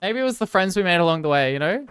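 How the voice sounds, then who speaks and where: A woman's voice: fairly low pitch, lively intonation, rapid-fire, smooth, dry recording. A woman streamer chatting casually with viewers, rambling and apologizing in a self-deprecating way.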